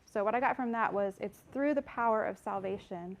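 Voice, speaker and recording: A woman's voice: medium pitch, brisk, gravelly, dull audio. A woman teaching a Bible study and reading scripture aloud, earnest and conversational, a little out of breath at the mic. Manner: earnest, conversational, apologetic asides. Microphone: microphone.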